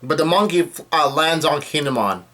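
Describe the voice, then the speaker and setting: A man giving a casual spoken recap of a comic chapter, rambling and halting with frequent fillers and restarts. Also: on the high side, lively intonation, pushed and bright. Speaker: manga chapter reviewer.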